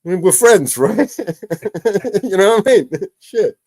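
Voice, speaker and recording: Sarcastic man with a lively voice. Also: high-pitched, slow, no echo. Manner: sarcastic, laughing, swearing. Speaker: live stream host. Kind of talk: casual live stream commentary.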